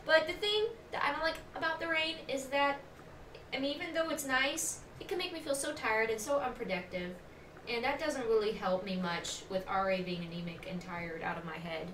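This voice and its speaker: A woman streams a game, chatting and giggling with her viewers in a casual way. Her voice is bright and a little high, and it sounds roomy and set back from the mic, with a faint hiss. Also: normal speed. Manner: chatty, giggly, talks to chat. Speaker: gaming streamer. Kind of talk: casual live-stream commentary. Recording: echoey room, distant mic, faint noise.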